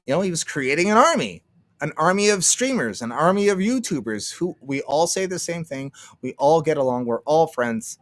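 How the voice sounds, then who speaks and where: This streamer from Canada has a voice on the high side and sounds very animated at a normal speed, with no room sound. His casual livestream is full of rambling, profanity, frequent laughter, and acted-out quotes.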